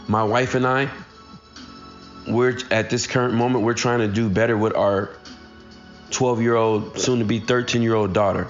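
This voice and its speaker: A man's voice: medium pitch, steady tone, normal speed, pauses often, highs cut off, soft background music. A man in his thirties giving a casual, earnest motivational talk straight to his listeners. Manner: earnest, addresses listeners directly. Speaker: motivational speaker.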